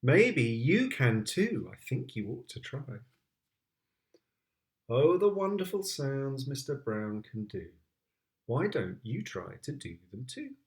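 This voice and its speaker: Slow sing-song British dad reading aloud. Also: male voice, mid-range voice, big pitch swings. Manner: playful, with sound effects. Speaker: father reading to his child. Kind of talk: reading picture books aloud.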